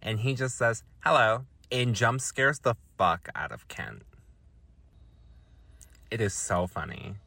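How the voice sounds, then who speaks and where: A man's voice: on the low side, very animated, slow pace, gravelly, pauses often, sharp tone. A man hosting a podcast, recapping a film in a loose, profane, casual way with many ums and likes.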